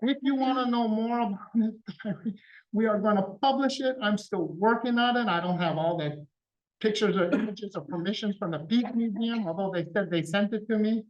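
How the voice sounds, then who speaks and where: A man's voice: sits high, a little fast, recorded from a distance. A middle-aged man giving a public talk, telling a family story in a conversational way and acting out the lines of the people in it. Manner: conversational storytelling, acting out quoted dialogue with his father. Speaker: guest speaker. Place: event hall. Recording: dull sound, speaker somewhat off mic.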